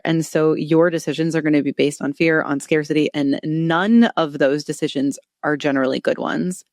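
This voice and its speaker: A low-pitched woman, middle-aged, speaking as an animated podcast guest. She laughs easily and acts out little quotes as she talks. The sound is close and dry, with no room around it. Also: no echo. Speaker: guest expert on retail stress. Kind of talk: podcast interview.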